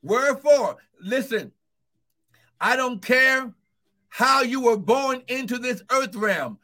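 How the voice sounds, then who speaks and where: A man preaching a sermon to an online audience, fervent and breaking into shouts, calling out repeated encouragements. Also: very high voice, expressive, slow pace. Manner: fervent, bursts into shouts of "woo, glory"; calls out repeated encouragements to listeners. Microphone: streaming live to online viewers.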